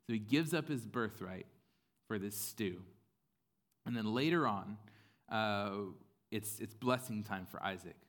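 A man's voice: lowish voice, expressive, unhurried, pauses often, fairly bright tone. Casual, conversational male pastor. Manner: casual, conversational preaching with fillers and playful acted-out voices. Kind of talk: sermon.

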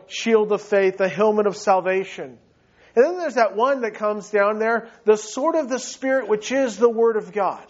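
High-voiced man preaching emphatically. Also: muffled recording. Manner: emphatic preaching, swinging between loud high peaks and low quiet drops. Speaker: pastor. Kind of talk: sermon.

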